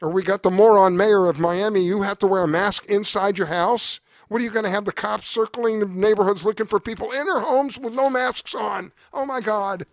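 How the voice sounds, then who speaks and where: A man's voice: high voice, fairly even intonation, brisk, hardly any pauses, no echo, clean studio sound. A man hosting a talk show, delivering an exasperated, emphatic commentary monologue with lots of repetition. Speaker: show host.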